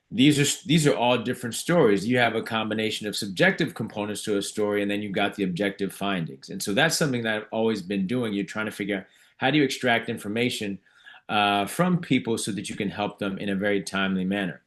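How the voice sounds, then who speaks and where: Reflective, somewhat low-voiced man. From United States. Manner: reflective, with frequent restarts. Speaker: guest author and physician. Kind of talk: conversational storytelling in an interview.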